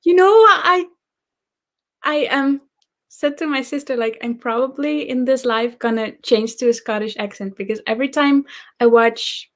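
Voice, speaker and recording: Woman rambling through a story on a livestream, kinda high voice. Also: moderate pace, fairly bright tone. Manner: storytelling, hesitant with fillers. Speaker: booktuber co-host. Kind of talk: casual live-stream chat.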